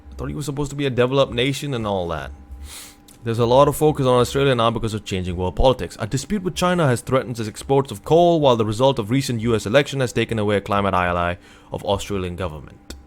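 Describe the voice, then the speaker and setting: A man from North America streaming at his computer, reading a news article aloud and reacting in a casual, exasperated way, sometimes breaking into loud remarks. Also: mid-range voice, expressive, fast. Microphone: computer desk mic.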